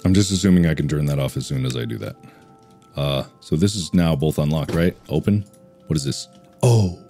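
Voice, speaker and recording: A man's voice: rumbling low, a little fast, mellow, faint music behind. A man hosting a horror game let's play, talking to himself, jumpy and reacting with frantic repeats and swearing. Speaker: gaming channel host.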